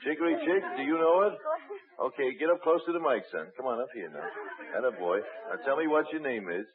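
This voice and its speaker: A man's voice: medium pitch, animated, fairly quick, crowd noise. A man hosting a live radio variety show, coaxing and chuckling in a jovial way. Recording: tinny, noisy 1940s radio broadcast.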